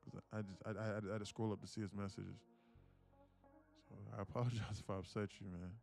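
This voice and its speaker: Male streamer, low and gravelly, casual and chatty, quick to laugh. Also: little pitch movement, darkish tone, soft background music. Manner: chatty, laughs often, repeats words while thinking. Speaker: day-trading livestream host. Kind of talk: casual live-stream chat.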